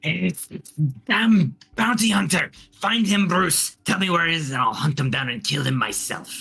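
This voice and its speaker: A man voicing a panicked male rapier fighter, shivering with cold, who shouts frantic demands. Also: fairly high pitch, normal speed, creaky, husky, voice pushed up, heavily acted.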